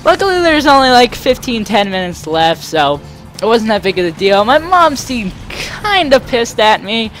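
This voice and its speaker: A young man with a very high voice hosts a let's play, telling a story casually over gameplay at a moderate pace. He rambles animatedly and acts out the people in his tale, with faint music playing behind him.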